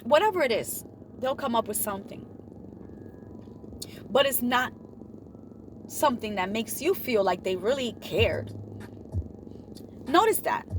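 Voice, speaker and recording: A woman giving motivational advice in an animated way, often acting out what other people say. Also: a little slow, pauses often, background noise. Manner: animated, acts out quoted dialogue with big pitch swings. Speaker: motivational vlogger.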